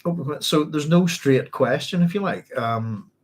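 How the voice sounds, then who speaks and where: A man's voice: on the high side, expressive. A Northern Irish man hosting a book club, reading passages aloud and chatting about them in a rambling way full of ums and restarts, with a cough now and then. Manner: rambling, halting, with frequent ums and self-corrections.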